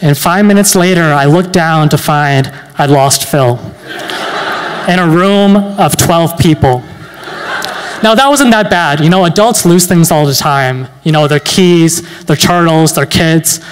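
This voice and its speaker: A young man around nineteen performing a stand-up comedy set with dry, deadpan delivery, pausing with fillers between lines. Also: a little high, a little hiss or hum. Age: late teens. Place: university event hall. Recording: long hall reverb.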